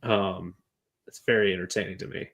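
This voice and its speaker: A man's voice: sits low, fairly even intonation, brisk, fairly bright tone. A man co-hosting a podcast, chatting casually about a book in a rambling way, full of fillers and jokes. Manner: rambling, filler-heavy, joking. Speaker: podcast co-host.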